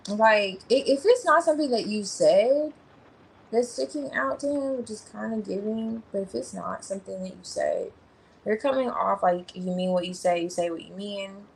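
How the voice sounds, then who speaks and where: A woman's voice: mid-range voice, moderate pace, creaky, slightly rough, low-quality recording. A woman giving a tarot reading on a livestream, thinking aloud as she turns over cards. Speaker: tarot reader.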